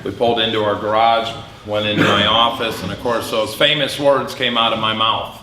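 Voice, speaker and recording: A middle-aged man giving a candid personal testimony speech at an event, telling a hard story with flashes of dark humor. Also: medium pitch, level tone, brisk, few pauses, a little hiss or hum. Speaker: public speaker. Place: event hall. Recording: echoey hall with faint ambience.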